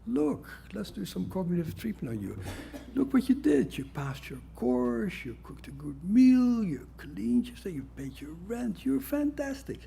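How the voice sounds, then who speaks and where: A man's voice: high voice, sing-song, a little slow, creaky, few pauses, dark tone, slight background noise, voice pushed up, exaggerated voice. A man voicing an overly cheerful, reassuring therapist who gushes praise in a sing-song tone. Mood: gushing.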